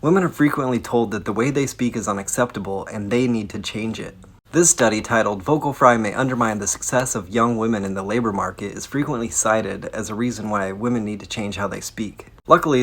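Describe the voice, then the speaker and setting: A man speaking with vocal fry in a blunt, casual educational explainer, swearing now and then. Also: on the low side, a bit bright. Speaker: science video creator.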